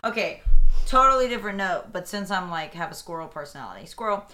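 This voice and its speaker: A woman co-hosting a casual travel podcast, teasing her friend in a playful way. Her voice sits a little low for a woman. It still sounds bright and crisp. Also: expressive, quick pace, faint music behind. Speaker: podcast co-host.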